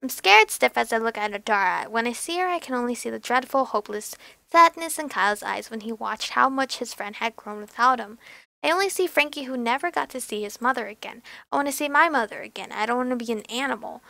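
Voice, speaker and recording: High bright gamer girl reading a visual novel, giggly and nervous, bit of fry, faint game music. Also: expressive, brisk, dry recording. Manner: nervous giggly reactions, swears. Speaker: let's play host.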